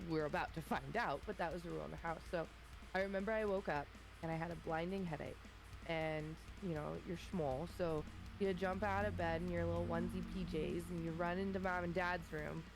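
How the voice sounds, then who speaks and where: A woman in her thirties telling a funny childhood story in a relaxed chat, acting out her family's voices. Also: lowish voice, brisk, creaky, over music, poor audio. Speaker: streamer guest. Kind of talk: casual storytelling.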